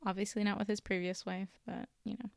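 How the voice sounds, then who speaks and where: Podcast co-host, woman, chatty storyteller with a gravelly but smooth voice, dry close sound. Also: mid-range voice, flat delivery, fast talker, darkish tone, dry recording. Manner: storytelling, often apologetic and giggly. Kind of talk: casual podcast chat.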